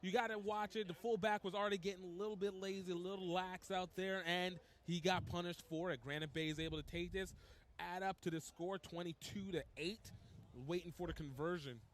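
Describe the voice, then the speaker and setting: Male play-by-play commentator for rugby, fairly high voice, steady and analytical. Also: brisk, a little hiss or hum. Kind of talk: live play-by-play sports commentary. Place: outdoors at a rugby match.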